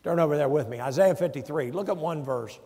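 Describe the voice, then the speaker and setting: A man's voice: fairly high pitch, quick pace, dark tone, breathy edge. A man, a pastor, preaching a sermon emphatically and putting rhetorical questions to his congregation in a church. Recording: long church reverb.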